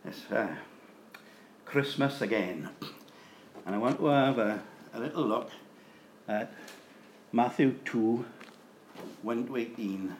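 A man preaching, who tells a joke and then reads scripture in a measured, unhurried way. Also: medium pitch, slight background noise. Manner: measured, unhurried reading with throat clearing. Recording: echoey room.

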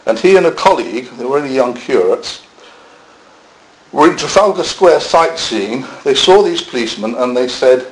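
A man's voice: medium pitch, animated, moderate pace, a little hiss or hum, rough recording. A man preaching a sermon in a church, conversational, with self-deprecating asides.

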